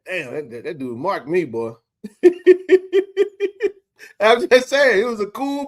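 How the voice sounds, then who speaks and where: Joking man in his forties hosting. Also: sits high. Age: 40s. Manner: joking, animated, talks to chat readers. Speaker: sports talk stream host. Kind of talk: casual live-stream chat.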